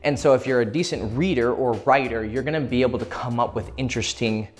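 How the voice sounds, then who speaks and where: A man's voice: medium pitch, fast. Male dating coach, casual and profane, mid-range voice, faint music underneath. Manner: casual and profane, acts out short quoted exchanges. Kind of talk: instructional talk to camera.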